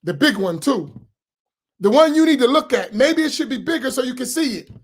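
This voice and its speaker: A man with an American accent, an imam preaching a sermon with rising shouts and repeated rhetorical questions. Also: very high voice, very animated, a little fast. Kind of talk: impassioned sermon.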